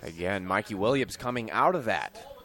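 A young man calling high school football play-by-play, his voice climbing sharply on big plays. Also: expressive, normal speed, fairly bright tone. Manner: rises sharply in pitch and volume on big plays. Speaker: play-by-play commentator.

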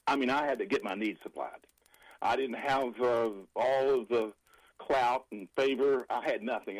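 A male preacher speaking over a remote line into a broadcast, in a middle-pitched voice. He talks in a rambling, emphatic way, full of restarts and quoted scripture. The sound is dry, with little room around it. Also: no echo, rough recording.

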